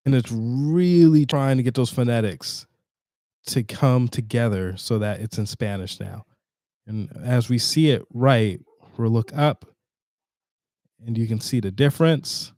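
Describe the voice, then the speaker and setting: A man hosting a casual screen-share tutorial, chatty and halting with fillers and restarts, sounding tired. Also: medium pitch, mellow, dry recording, clean studio sound. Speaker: tutorial host.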